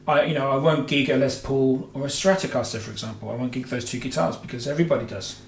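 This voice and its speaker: Casual male host, mid pitch, meandering and chatty, recorded in an echoey room. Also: steady tone, fast talker, creaky. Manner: rambling, heavy with filler "you know"s and self-corrections. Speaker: guitar show host. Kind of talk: casual Q&A chat. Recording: roomy echo with faint music.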